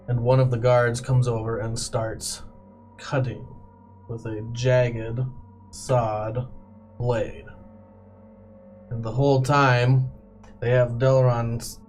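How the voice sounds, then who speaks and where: With a mid-range voice, a man acts as game master for a tabletop game, narrating violent scenes slowly and in graphic detail.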